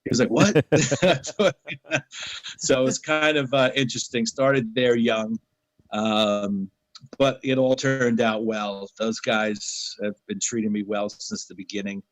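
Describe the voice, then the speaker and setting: A man's voice: mid-range voice, slow, no echo, rough recording. A man tells a story in casual guest talk, acting out each line of dialogue. His voice sits in a middle register. The sound is dry and close to the mic. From New York City. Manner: animated anecdotes, acting out quoted dialogue. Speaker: interview guest.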